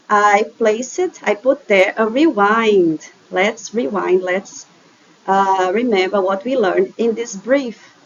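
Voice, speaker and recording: A woman's voice: medium pitch, dull audio, slight background noise. A woman English teacher with a Brazilian Portuguese accent, patiently explaining slides in a recorded online lesson and checking in often with "okay?".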